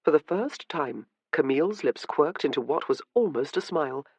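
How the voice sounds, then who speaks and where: A woman narrating a historical romance audiobook with measured, even scripted narration. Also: deep voice, breathy edge, no room sound.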